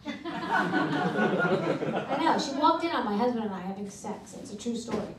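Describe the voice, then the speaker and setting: Middle-aged woman stand-up, deadpan and brash, higher voice, roomy club recording from a distance with noise. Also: a little slow. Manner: deadpan, brash one-liners. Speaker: stand-up comedian. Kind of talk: stand-up routine. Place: comedy club. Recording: echoey club from far off with noise.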